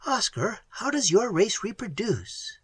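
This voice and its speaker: A man reading the part of a spirited, excitable young woman explorer, with earnest, emotional delivery. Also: sits high, measured pace, slightly rough, no echo, pitched above the performer's own voice, full character voice. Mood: puzzled. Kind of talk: audiobook character reading.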